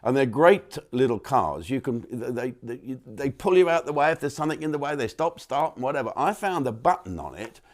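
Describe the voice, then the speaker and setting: A man's voice: mid-range voice, big pitch swings, normal speed, few pauses. A man hosting his own channel, talking through a rambling comic monologue with digressions and mock outrage. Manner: chatty, digressive, with frequent restarts and mock outrage.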